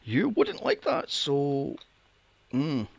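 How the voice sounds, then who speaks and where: A man talks through a film in a casual podcast chat, his pitch swinging widely as he mocks it. His voice is gravelly and a little husky. He is recorded close and dry, with no room sound. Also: drawn-out words, no room sound, dull audio. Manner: animated, sarcastic, mocks characters in high silly voices. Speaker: podcast co-host. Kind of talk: casual movie review chat.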